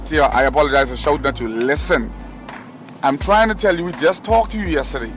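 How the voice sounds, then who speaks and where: A man's voice: a little high, fairly quick, a bit bright, soft background music. A man, a traveling artist, insistently scolding and repeating himself in a heated argument inside a moving car.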